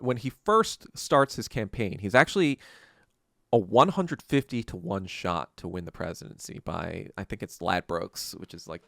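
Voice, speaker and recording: A man delivers a long solo podcast monologue, drifting through fillers and restarts with the odd curse thrown in. His voice sits low and sounds smooth and resonant. The close mic keeps it dry, with no room around it. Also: fairly bright tone, no room sound. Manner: rambling, many fillers and restarts, casual swearing. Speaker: podcast host.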